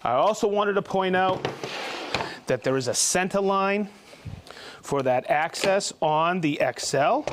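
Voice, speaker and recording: A man's voice: fairly high pitch, a bit bright. A man hosting a live tool show, chatty and informal, demonstrating gear and reading out viewers' names and hometowns. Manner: informal, with restarts and asides. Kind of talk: live product demo and viewer shout-outs.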